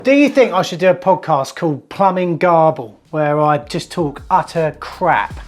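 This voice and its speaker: Working inside a house and up in the loft, a male plumber and channel host keeps up a jokey, casual DIY vlog chat with his viewers. He sounds a little high and animated at a normal speed, speaking over music.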